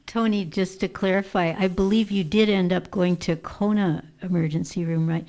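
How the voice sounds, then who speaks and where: A woman's voice: lowish voice, fairly even intonation, normal speed, darkish tone. A woman politely checking a detail with a speaker at a gathering. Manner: polite, clarifying.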